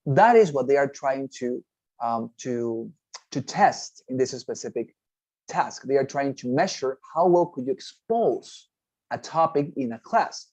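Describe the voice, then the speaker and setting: This rough recording with no echo captures a TOEFL teacher with a mid-range, darkish, expressive voice speaking a little slowly. During a recorded class on test preparation, he explains things step by step, repeatedly asks "okay?" and often starts phrases over.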